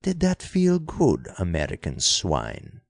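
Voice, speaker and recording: A man's voice: low voice, huge pitch swings, slow, vocal fry, breathy edge, heavily acted. A man voicing a cold, sneering young male villain in an audiobook, speaking coolly and with contempt. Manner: cool, sneering, clipped.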